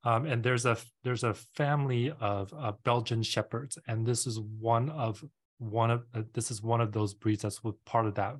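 A man's voice: mid-range voice, fairly even intonation, normal speed. Man host explaining things at length. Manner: explains at length with many fillers. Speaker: podcast host. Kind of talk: casual interview chat.

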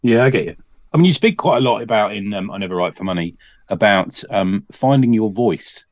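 Low-voiced podcast host, dry sound. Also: male voice, expressive, brisk, dry recording. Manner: laughs easily, rambling questions. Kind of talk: casual podcast interview.

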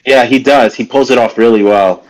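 A man's voice: mid-range voice, brisk, low-quality recording. A man co-hosting a podcast, talking in a laid-back way with many fillers and casual swearing. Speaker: podcast co-host.

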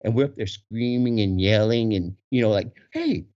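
A man in his forties with a husky voice, telling a story casually with lots of laughter. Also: fairly low pitch, moderate pace. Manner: animated, laughs often, acts out voices in quotes. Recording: dull lo-fi recording.

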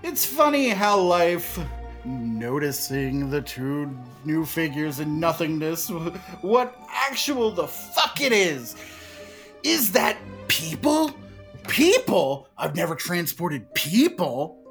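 Brief: man playing a talking park bench, rambling and self-pitying, with a lively, swooping voice and an unhurried pace. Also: soft background music, full character voice. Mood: puzzled. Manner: rambling, deadpan asides, shrill when excited. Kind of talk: comedic script reading.

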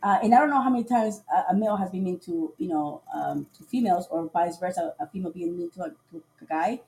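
A woman with a fairly low voice races through a dating story on her casual live podcast. She laughs a lot and animatedly acts out what people told her.

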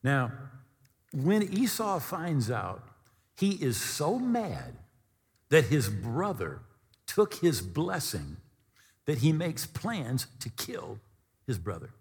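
A husky-voiced male pastor delivers a lively, swooping sermon. He tells the story with animation and briefly acts out the voices he quotes. His words ring with the long reverb of a large hall. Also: on the high side, takes it slowly, long pauses.

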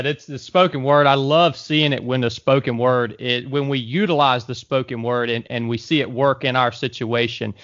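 A man's voice: mid-range voice, fairly bright tone. Male podcast host, encouraging, rambling questions, dull audio. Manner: encouraging, calls listener "man", restarts questions. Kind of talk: casual podcast conversation.

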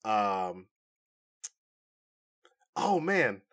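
A man's voice: lowish voice, drawn-out words. A male co-host of a pop-culture podcast, chatting casually and animatedly and laughing often. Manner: animated, laughs a lot, acts out quotes in silly voices.

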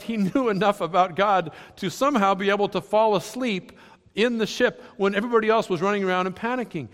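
A man preaching a sermon, swinging between loud emphatic lines and soft, quiet ones. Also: high-pitched, in a large hall. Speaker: pastor.

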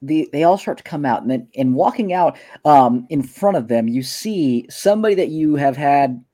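A young man runs a tabletop game as game master in a loose, rambling style full of fillers. His voice sits a touch high with a soft, mellow tone. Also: lively intonation, moderate pace.

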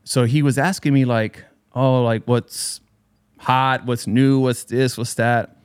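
A man's voice: medium pitch, steady tone, takes it slowly, clear, resonant tone, no room sound, clean studio sound. Casual profane man telling a story. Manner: loose and profane, bro slang. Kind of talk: casual storytelling among friends.

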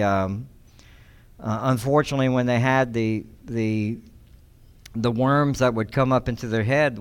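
A male pastor delivers a sermon in a smooth, resonant voice at an ordinary pitch. He reads scripture and then teaches in a loose, conversational way, often restarting his sentences. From United States.

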